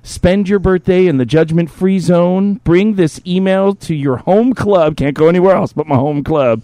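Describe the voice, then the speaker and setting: A man in his fifties, a podcast co-host, telling profane, animated stories in casual banter. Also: high-pitched, moderate pace, dry recording. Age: 50s.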